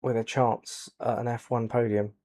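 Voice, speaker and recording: A man giving soft-spoken ASMR commentary over a racing game, quiet and low-key, with dry jokes. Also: level tone, moderate pace. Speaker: gaming channel host.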